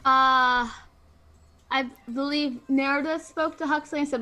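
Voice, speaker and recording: Bright-voiced woman describing her character. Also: sits high, fairly even intonation, unhurried. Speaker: player. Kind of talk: playing a tabletop game.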